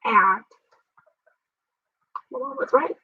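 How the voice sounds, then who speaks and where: Speaking extremely slowly in a slightly high voice, a woman shares in an interview how she survived a transplant, earnest and faith-filled with frequent laughs. A distant mic makes the sound dull and dry, with slight background noise.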